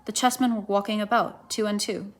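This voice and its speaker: A woman reads a children's classic aloud, with gentle, even storytelling. Her voice sits at a middle pitch for a woman, neither high nor low. She narrates at a calm pace. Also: a little fast. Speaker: volunteer reader. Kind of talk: reading a children's book aloud.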